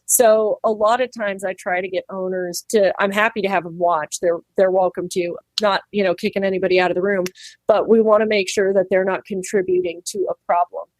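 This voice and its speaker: A woman who trims pig hooves and works as a farrier chats animatedly in a casual interview. Her voice is medium-pitched and a little fast, with no echo, and she laughs easily while acting out quoted voices.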